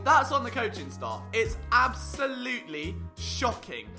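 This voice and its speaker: A man with a very high, sharp, ringing voice hosts a sports breakdown on camera, his pitch leaping all over as he rants. He sounds sarcastic and exasperated, and faint music plays low behind him. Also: sing-song. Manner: sarcastic, exasperated, fast restarts when worked up. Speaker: sports vlog host. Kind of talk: animated rant-style sports analysis. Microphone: on-camera mic.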